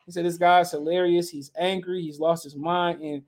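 A man's voice: on the high side, little pitch movement, moderate pace, darkish tone. Laid-back man riffing on a podcast. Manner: laughing, reads quotes aloud, blunt opinions. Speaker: podcast co-host. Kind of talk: casual boxing chat.

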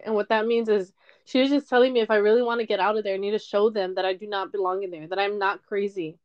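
A woman's voice: mid-range voice, fairly even intonation, fast talker, lo-fi sound. A young woman podcaster telling a personal story in a candid, emotional monologue, often tearful and swearing.

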